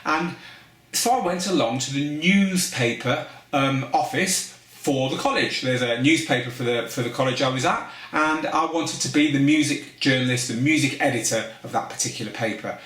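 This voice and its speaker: A man hosts a DJ course and teaches through a personal story. He speaks at a medium pitch in a candid, conversational way, lifting his voice to stress key points. The recording has a noticeable roomy echo. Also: normal speed, a bit bright. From Manchester, England. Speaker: DJ course host.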